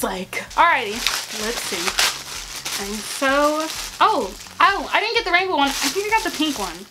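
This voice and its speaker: A high-pitched young woman vlogger does a casual unboxing review, full of animation as she swings between excitement and exasperation.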